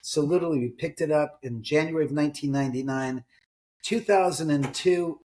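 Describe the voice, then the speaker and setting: A man's voice: a little high, a little fast, warm tone. A middle-aged man, an author, telling ghost stories in a casual interview, acting out quoted voices and swearing now and then. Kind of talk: conversational storytelling in an interview.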